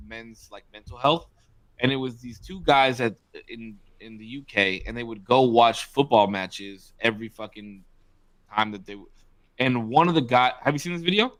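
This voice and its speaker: A man's voice: mid-range voice, normal speed, fairly bright tone. A man co-hosting a podcast, chatting loosely in bursts with plenty of swearing. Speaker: podcast co-host. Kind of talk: casual chat.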